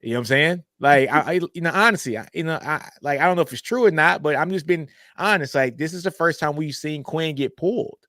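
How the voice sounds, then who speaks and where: A man co-hosting a casual sports talk show, animated and repetitive, leaning on stock phrases. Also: on the high side, quick pace, hardly any pauses, no room sound, clean studio sound. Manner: animated, repeats "you know what I'm saying". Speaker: co-host.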